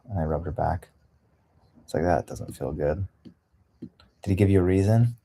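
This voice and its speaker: Man, livestream host; low, husky, dark voice; candid, rambling chat. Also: steady tone, quick pace, long pauses. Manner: candid, rambling, laughs often.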